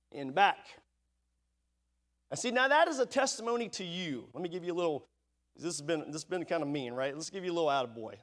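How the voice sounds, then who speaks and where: A man preaching a sermon in a church, asking the congregation rhetorical questions and reading scripture aloud. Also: fairly high pitch. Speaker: pastor. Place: church sanctuary.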